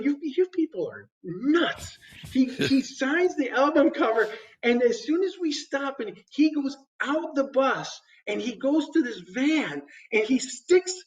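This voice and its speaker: A man, a guest musician, telling stories in casual chat, animated and laughing often, with many restarts. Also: very high-pitched, unhurried, highs cut off. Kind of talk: casual storytelling. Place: podcast studio.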